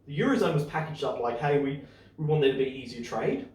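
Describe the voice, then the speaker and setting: A man hosting a podcast, chatting casually and getting excited as he lays out his opinions. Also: mid-range voice, recorded from a distance. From Australia. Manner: excitable, opinionated, speeds up and slows down. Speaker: podcast host. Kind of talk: casual chat. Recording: echoey room, voice off-mic.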